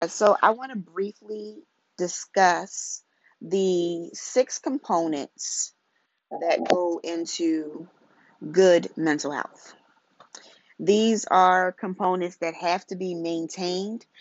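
A woman hosting a casual solo podcast, talking in a relaxed, chatty way and often restarting her phrases. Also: on the low side, no echo, lo-fi sound. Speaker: podcast host.

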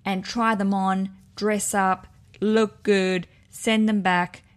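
A woman's voice: medium pitch, level tone, slow pace. Young woman rambling happily on her podcast, bubbly, keeps catching her own slips. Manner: chatty and enthusiastic, self-correcting asides. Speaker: podcast host. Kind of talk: casual podcast chat.

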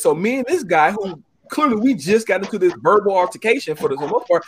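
High, lively man swearing through a story. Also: fast talker, hardly any pauses. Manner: profane, emphatic, animated. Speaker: paintball team leader. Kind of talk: casual storytelling chat.

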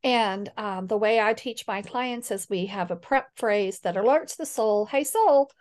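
A middle-aged woman speaking as a guest in a conversational interview, earnest and animated when she quotes others. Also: mid-range voice, unhurried. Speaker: guest, healing coach.

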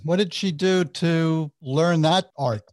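A man's voice: a little high, takes it slowly, darkish tone. A man interviewing a guest, asking short follow-up questions and reacting briefly. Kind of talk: conversational interview.

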